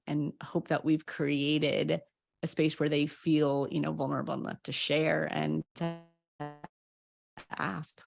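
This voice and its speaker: A woman's voice: sits low, vocal fry. A woman coach and author, a guest on a podcast, speaking openly and candidly with many "you know"s and "like"s. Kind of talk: conversational interview.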